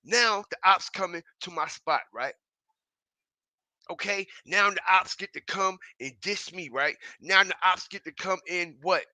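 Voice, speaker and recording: A man rants through an online commentary in a high, bright, forceful voice, speaking a little slowly with no room sound. He's emphatic and profane, mocking as he goes, repeating himself and checking in with his listeners again and again.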